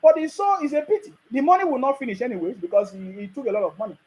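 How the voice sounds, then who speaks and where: A man's voice: very high voice, sing-song, rapid-fire, a little mellow, low-quality recording. A man with a Nigerian accent, delivering a mocking political rant and laughing at his opponents. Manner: mocking, laughs often, scolding the listener. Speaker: political commentator. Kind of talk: ranting monologue.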